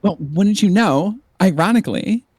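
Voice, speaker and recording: A man's voice: high-pitched, expressive, moderate pace, darkish tone, husky, no echo, clean studio sound. A man from the northern US East Coast hosting a casual podcast with friends, playfully announcing odd holidays. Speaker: podcast host. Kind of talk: casual chat among friends.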